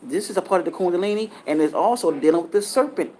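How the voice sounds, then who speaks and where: A man's voice: high voice, lively intonation, quick pace, a little mellow, slight background noise. A man giving a casual spiritual talk, earnest and lecturing, rambling and often restarting his sentences. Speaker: spiritual teacher.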